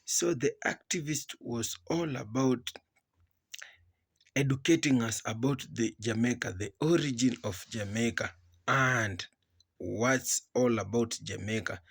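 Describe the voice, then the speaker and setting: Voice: mid-range voice, gravelly, husky, no room sound. A reaction channel host wrapping up a video, speaking to viewers in a repetitive way. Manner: slow and repetitive, addressing viewers. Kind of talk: wrap-up commentary.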